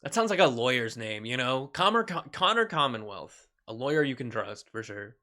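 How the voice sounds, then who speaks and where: With a medium-pitched voice and a fairly quick delivery, a man streams a shooter and keeps the commentary light and jokey. He swears freely, laughs a lot, and yelps in excitement when the game takes a turn.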